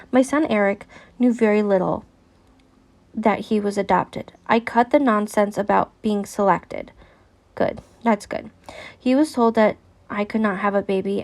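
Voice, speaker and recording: A woman who is an adoptee, reading letters from a book aloud and stopping to give her own earnest, candid reactions. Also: medium pitch.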